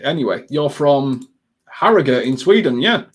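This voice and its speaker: A man with a medium-pitched voice runs a live football watchalong, rambling casually to his audience. Ums fill his speech, and he bursts out with quick excitement whenever something happens on the pitch.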